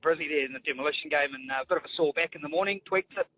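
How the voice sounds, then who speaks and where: Man, radio caller, slightly high voice, rambling anecdote, casual. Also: rapid-fire, narrow, tinny audio, a little hiss or hum. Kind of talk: casual storytelling.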